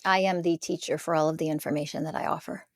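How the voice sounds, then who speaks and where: A woman's voice: low-pitched, fairly even intonation, fast, no room sound, studio quality. A middle-aged woman speaking earnestly as a podcast guest, making emphatic declarations about her spiritual teaching. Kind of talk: conversational interview.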